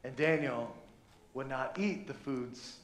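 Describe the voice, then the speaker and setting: A man's voice: medium pitch, slow pace. A man preaching a sermon as pastor, joking about himself and stumbling over restarts before driving home his scripture points. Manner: playful, self-mocking, many restarts. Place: church. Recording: echoey church room.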